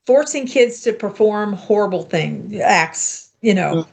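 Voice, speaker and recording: A woman's voice: medium pitch, expressive, slow, gravelly. Woman, 60s, podcast guest and author, earnest and conversational, frequent restarts. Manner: earnest, restarts sentences, thinks aloud. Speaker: guest, author and safety advocate. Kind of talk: casual interview chat.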